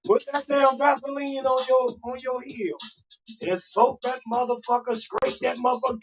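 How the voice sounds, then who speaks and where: A man doing profane comedic storytelling as the host of a live show, animated and mock-indignant, with loud outbursts. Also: extremely high pitch. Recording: dull lo-fi livestream audio.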